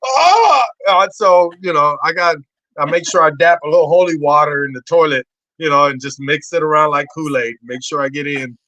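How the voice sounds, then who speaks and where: A man in his forties, a podcast guest telling wild stories with swearing and excitable energy. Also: brisk, no room sound, poor audio. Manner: excitable, swearing, acts out voices in high shouts. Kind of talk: animated storytelling.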